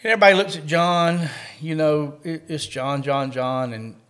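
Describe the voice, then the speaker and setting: A middle-aged Kentucky man with a Southern drawl, his voice sitting a bit high for a man. He tells a long, rambling hunting story in a folksy, storytelling way, laughing at the funny parts. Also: normal speed, fairly bright tone. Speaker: coon hunting dog handler. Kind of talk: telling a story in an interview.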